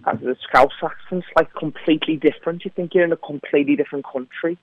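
A man's voice: a little high, fairly even intonation, quick pace, no echo. Young man, English accent, actor guest, chatty, laughs a lot, phone-quality line. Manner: chatty, laughs often, many fillers. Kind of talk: remote interview. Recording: tinny phone-like line, dry.

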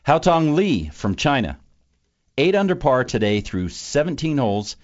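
A man's voice: medium pitch, very animated, moderate pace, dull audio. A man co-hosting a golf radio show who mostly agrees in short replies and reads out tournament scores. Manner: agreeable, brief backchannel replies. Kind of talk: casual sports radio chat.

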